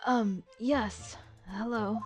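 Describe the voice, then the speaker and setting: A woman's voice: fairly high pitch, steady tone, extremely slow, a little mellow, soft background music. A woman hosting a let's play, chatting casually and self-deprecatingly about her schedule and the game, thinking aloud with many restarts and laughs. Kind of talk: casual gameplay commentary.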